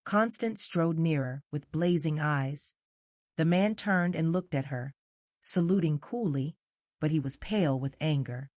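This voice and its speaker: A woman audiobook narrator reading a classic novel in a measured, even way. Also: low-pitched, no echo, studio quality. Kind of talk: scripted literary narration.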